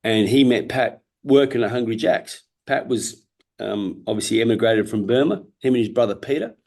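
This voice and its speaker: A man's voice: medium pitch, normal speed, darkish tone. A man in his fifties with an Australian accent, telling his story as an interview guest in a candid, earnest way, swearing freely and often restarting his sentences. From Perth, Australia. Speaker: guest, former world champion boxer.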